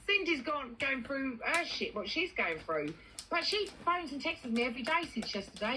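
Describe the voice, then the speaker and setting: A woman's voice: a little high, big pitch swings, normal speed, bright, forceful tone, slight background noise, rough recording. A young woman, talking bluntly in a casual live chat. She swears freely and puts strong emphasis on her words.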